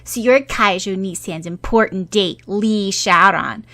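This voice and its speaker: A scoffing, bratty young boy with a loud, slightly raised voice, as a woman puts him on in a storybook reading. He is smug and blunt, tossing off rude remarks with a huff. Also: mid-range voice, unhurried. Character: bratty sharp-tongued young orphan boy.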